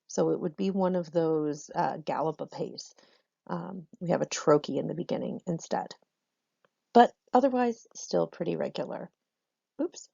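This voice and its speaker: A woman's voice: fairly low pitch, creaky, a little mellow, husky, dry recording, lo-fi sound. A woman teacher explaining a lesson patiently to students in a recorded online class, with frequent ums.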